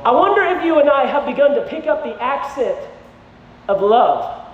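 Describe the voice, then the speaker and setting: A man preaching in a large hall, his voice very high and ringing with long reverb. He talks casually and keeps checking in with "okay?", then builds to loud, emphatic peaks. The sound is dull and lo-fi. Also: very animated, normal speed, distant mic, a little hiss or hum. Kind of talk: sermon with storytelling.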